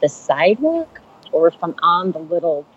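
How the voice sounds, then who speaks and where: A woman comedian telling a funny story on a podcast, chatty and animated, acting out the voices of the people in it. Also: lowish voice, normal speed, husky, highs cut off. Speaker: stand-up comedian and rideshare driver.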